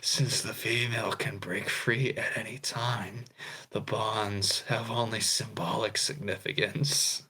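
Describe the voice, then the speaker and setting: Whispered role-play: a man doing a creepy superhero murmuring in a slow, bright, airy whisper. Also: fairly low pitch, breathy edge, heavily acted, poor audio. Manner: slow hushed monotone whisper.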